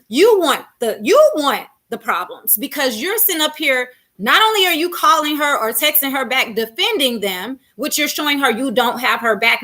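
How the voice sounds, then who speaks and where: A woman's voice: high voice, pushed and bright. A woman doing reaction commentary on a vlog, talking emphatically and firing off sassy rhetorical questions. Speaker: commentary vlogger.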